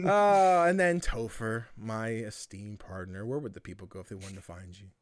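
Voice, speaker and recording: A man hosting a casual podcast, telling stories in an animated, laughing way, with a tired throat. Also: medium pitch, measured pace. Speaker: podcast host.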